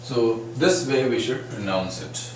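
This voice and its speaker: Slow teacher, echoey room. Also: male voice, medium pitch. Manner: patient, repeats sample words to demonstrate sounds. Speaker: phonetics teacher. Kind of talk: classroom lecture. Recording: very echoey room, far from mic, faint noise.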